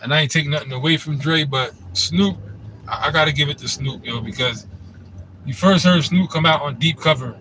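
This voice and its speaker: A man's voice: on the high side, a little fast, pushed and bright, a little hiss or hum, poor audio. A man in a casual commentary monologue, laid-back and rambling, with the loose phrasing of a host talking to his channel. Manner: laid-back, rambling, frequent "you know what I'm saying".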